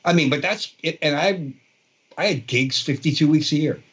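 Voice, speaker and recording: A guest guitarist in his sixties from Brooklyn, New York, with a Brooklyn accent, tells rambling stories in a casual interview, full of fillers and restarts. His voice is a little high, a bit bright and husky, at a moderate pace, and the recording is muffled.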